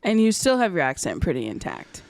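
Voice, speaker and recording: A woman hosting a podcast in casual chat, bubbly and quick to laugh. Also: on the low side, wildly swooping pitch, a little mellow, dry recording, clean studio sound. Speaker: podcast host.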